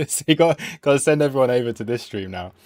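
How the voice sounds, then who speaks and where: A man's voice: medium pitch, animated, quick pace, a little mellow, dry recording, studio quality. A man, chatting playfully on a live trading stream and talking at the price chart.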